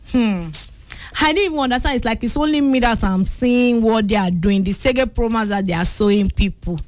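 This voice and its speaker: A young Nigerian woman with a Yoruba-influenced accent hosting a call-in radio show, chatty and bubbly, slipping in and out of Yoruba. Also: fairly high pitch. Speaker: radio presenter taking callers. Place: radio studio.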